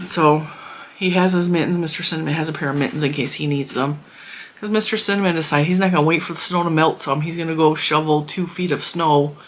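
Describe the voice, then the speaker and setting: A woman in her thirties chatting casually to her viewers, rambling with frequent fillers and restarts. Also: low voice. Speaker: crochet vlogger. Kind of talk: casual chat.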